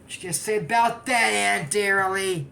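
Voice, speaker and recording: A woman's voice: mid-range voice, normal speed, gravelly, pushed and bright, slight background noise. A woman casually recapping a cartoon episode, rambling off on tangents and giggling often. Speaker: anime episode reviewer.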